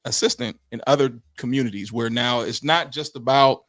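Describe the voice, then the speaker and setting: A man co-hosting a podcast, asking questions in a halting way, full of fillers. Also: mid-range voice, fairly bright tone, dry recording, clean studio sound. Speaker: podcast co-host. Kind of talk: casual podcast chat.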